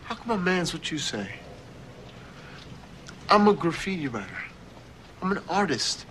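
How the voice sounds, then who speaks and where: A man's voice: sits high, sing-song, measured pace, a bit bright, a little hiss or hum, heavily acted. An actor playing a proud young male graffiti artist in a film, speaking in a defensive, insistent way. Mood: defiant. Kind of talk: film dialogue.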